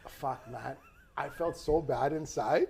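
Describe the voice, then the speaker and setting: Gravelly laid-back man in his thirties. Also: mid-range voice, slow pace, over a noisy crowd. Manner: laid-back storyteller, frequent laughs and swearing. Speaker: podcast host. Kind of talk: casual chat.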